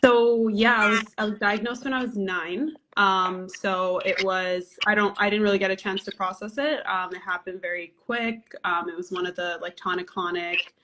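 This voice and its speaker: A woman in her twenties from Canada, answering interview questions earnestly and haltingly, with many fillers. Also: mid-range voice, fairly even intonation, sharp tone, slight background noise. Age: 20s. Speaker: documentary filmmaker and guest.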